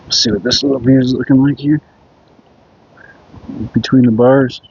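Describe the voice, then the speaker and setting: A man's voice: mid-range voice, little pitch movement, normal speed, gravelly, darkish tone, dull audio, slight background noise. Laid-back Minnesotan guy rambling outdoors. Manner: rambling storyteller, laid-back, swears casually. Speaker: livestreamer. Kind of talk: casual live-stream chat while riding. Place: outdoors on a scooter ride by a creek.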